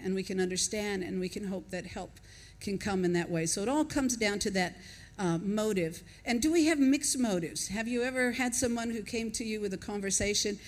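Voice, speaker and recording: A woman's voice: mid-range voice, darkish tone. Woman preaching a conversational sermon. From not from Australia, lives there. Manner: conversational, reflective, chuckles between points.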